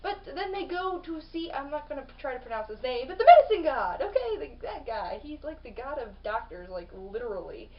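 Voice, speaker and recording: A woman reviewing books in a casual vlog, chatty and rambling, full of "like" and gushing with excitement. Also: sits high, brisk, few pauses. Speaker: book reviewer. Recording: distant mic, dull lo-fi sound.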